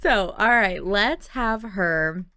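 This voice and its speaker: Slow, chatty woman narrating gameplay. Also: mid-range voice, animated, bright, forceful tone, clear, resonant tone, dry recording, clean studio sound. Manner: chatty, giggly, addresses viewers fondly. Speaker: life-sim game let's-play host. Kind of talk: casual gameplay commentary.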